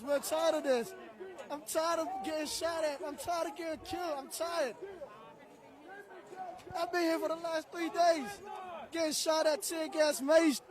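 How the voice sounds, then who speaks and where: A man protesting on a city street, angry and shouting, repeating himself. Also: very high voice. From outside the United States. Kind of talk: impassioned street interview. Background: crowd.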